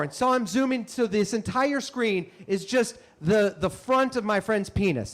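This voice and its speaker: A young man telling a comic story on stage, animated and self-mocking with quick asides. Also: sits high. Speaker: comedian and storyteller. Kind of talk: live stand-up storytelling.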